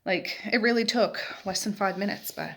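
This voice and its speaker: A woman's voice: medium pitch, fairly even intonation, normal speed, a bit bright. A middle-aged woman from Nova Scotia chatting casually about her day at home, rambling through stories with plenty of fillers. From Nova Scotia, Canada. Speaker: vlogger, mother. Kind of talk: casual day-in-the-life chat. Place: at home, sitting in a rocking chair.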